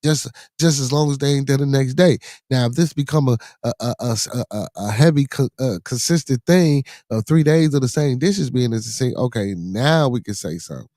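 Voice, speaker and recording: A man's voice: medium pitch, brisk, mellow, no echo. Profane middle-aged man, dry mic. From Chicago, USA. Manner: profane, rambling, with many repeated fillers. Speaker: podcast host. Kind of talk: casual podcast monologue.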